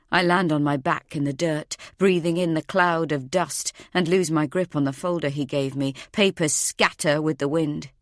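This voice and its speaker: A woman narrating a first-person thriller audiobook in a tense, measured way. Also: low-pitched, no room sound, studio quality.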